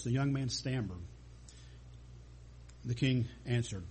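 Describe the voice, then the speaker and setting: A man's voice: mid-range voice, slow pace, pauses often, warm tone, slightly rough. A man preaching a sermon, telling a story with small stumbles and restarts.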